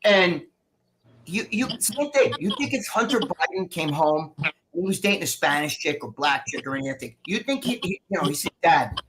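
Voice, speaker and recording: A man's voice: fairly high pitch, animated, normal speed, fairly bright tone, slight background noise, poor audio. Profane rambling New man. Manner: profane, rambling, acts out quotes. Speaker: guest. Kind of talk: casual political rant. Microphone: video call.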